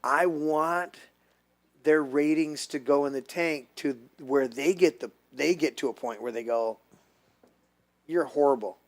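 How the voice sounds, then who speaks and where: A man's voice: fairly high pitch, unhurried. A man hosting a casual political chat show who rambles, jokes and sometimes loses his train of thought. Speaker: podcast host.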